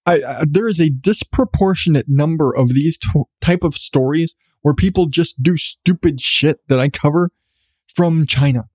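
A man's voice: fairly high pitch, normal speed, a little mellow, husky, no room sound, clean studio sound. A man hosting his own podcast, ranting in a sarcastic, profane way about news stories. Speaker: podcast host. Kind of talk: solo podcast commentary.

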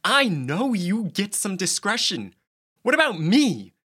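A man's voice: high-pitched, sing-song, a little slow, bright, forceful tone, husky, voice pushed up, heavily acted. A man reading an audiobook, voicing a defensive young newcomer who feels out of his depth.

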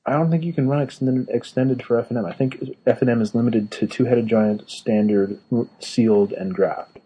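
A man's voice: medium pitch, steady tone, normal speed, dark tone, husky, low-quality recording. A man co-hosting a casual podcast, explaining game rules with many fillers and restarts. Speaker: podcast co-host, card game judge. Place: Northern California.

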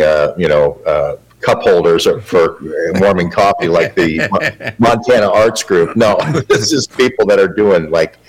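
A man with a very low-pitched voice, interviewed as a guest journalist. He rambles on in a matter-of-fact way, padding his answers with fillers. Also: low-quality recording.

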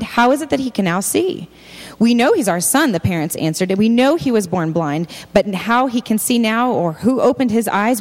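A woman giving a sermon, reading scripture aloud and stopping to comment directly to her listeners. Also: mid-range voice. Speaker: speaker giving a faith talk. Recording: long hall reverb.

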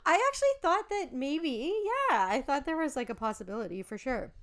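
A young woman co-hosting a casual film chat, upbeat and brisk as she summarizes. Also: high-pitched, very animated, fairly bright tone. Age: young adult. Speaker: podcast co-host.

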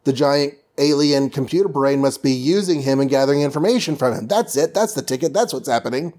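A man's voice: mid-range voice, animated, fairly quick, darkish tone, lightly acted. A man voicing a young female sorceress superhero who rambles breezily through her story. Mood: eager.

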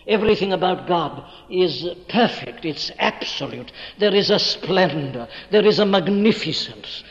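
A man preaching an evening sermon in an emphatic, declamatory way, hammering words with rising stress. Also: sits high. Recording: dull old recording with long hall reverb.

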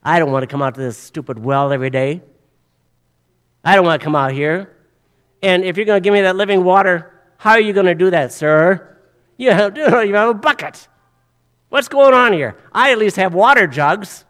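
A preacher voicing a skeptical woman at a well, sassy and incredulous, firing off quick questions. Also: high voice, fairly bright tone. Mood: scoffing.

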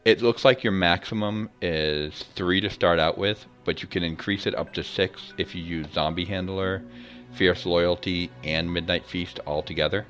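Male co-host, very low voice, easygoing explainer. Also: fairly even intonation, normal speed, fairly bright tone, soft background music. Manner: easygoing, explains game mechanics at length. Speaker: podcast co-host. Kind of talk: casual gaming podcast chat.

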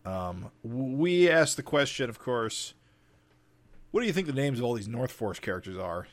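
A man co-hosting a chatty podcast, his voice sitting at an ordinary middle pitch. He talks with frequent hesitant fillers and pauses, then reads a listener letter aloud. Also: very animated. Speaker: podcast co-host. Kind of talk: casual chat, reading a listener letter.

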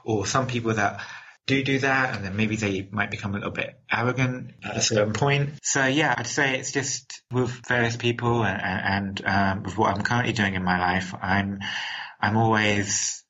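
An upbeat man from England whose accent sits between London and American, answering interview questions with frequent laughs and repeated words. His voice is bright and forceful but a bit husky. The audio is dull and lo-fi. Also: lowish voice, fairly even intonation, normal speed. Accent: mixed London and American. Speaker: interview guest.

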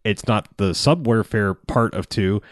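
A man's voice: on the low side, a little slow, no room sound, studio quality. A man in casual podcast chat, rambling about movies, often laughing and swearing as he acts out lines.

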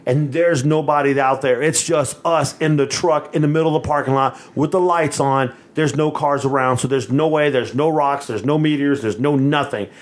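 A man from Texas, co-hosting a podcast and telling a story in a loose, animated way, laughing often and cursing freely. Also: a little high, moderate pace, hardly any pauses. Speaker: podcast co-host. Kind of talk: casual storytelling chat.

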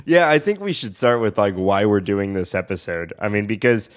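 Laid-back low-voiced male co-host. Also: expressive, normal speed. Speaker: podcast co-host. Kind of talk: casual podcast chat.

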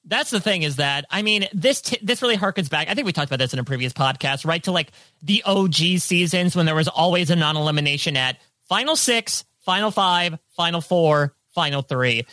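A man on a podcast panel, talking through ideas in a quick, rambling analytical way. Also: on the high side, lively intonation, bright, forceful tone, no room sound. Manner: quick analytical rambling, quotes hypothetical thoughts. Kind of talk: casual podcast discussion.

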